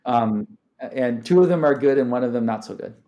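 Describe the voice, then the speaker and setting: A man's voice: medium pitch, brisk, mellow, lo-fi sound. A man speaking as a podcast guest, talking animatedly, often restarting sentences and laughing. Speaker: guest, startup founder. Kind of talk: conversational interview.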